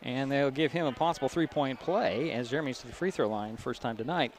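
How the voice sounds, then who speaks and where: A man giving brisk, chatty play-by-play of a high school basketball game, rising at big plays. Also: a crowd in the background. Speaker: play-by-play announcer. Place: school gym. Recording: gym noise behind broadcast mic.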